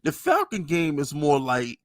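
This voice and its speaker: A man hosts a casual sports chat in a slangy, mocking, animated way. His voice sits a bit high and swings up and down a lot. The sound is dry and close. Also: a little slow, dry recording. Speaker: podcast host.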